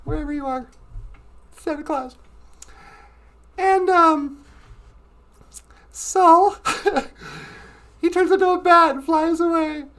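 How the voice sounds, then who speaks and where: A woman's voice: very high voice, slow pace, pauses often, a bit bright, a little hiss or hum. A woman hosting and telling a children's story casually, playful and laughing, correcting herself as she goes. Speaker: storyteller host.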